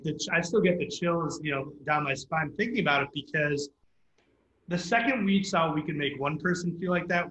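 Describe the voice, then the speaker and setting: Man, animated storyteller, bright forceful voice, slightly high, roomy dull audio. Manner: animated, fast storyteller with filler words. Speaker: startup founder guest. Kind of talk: casual storytelling interview.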